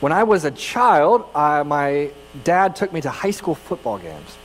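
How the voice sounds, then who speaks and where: A man's voice: fairly high pitch, a little slow, long reverb tail, slight background noise, low-quality recording. A man from California preaching a sermon as pastor, telling personal stories in a conversational, self-deprecating way with frequent restarts. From California, United States.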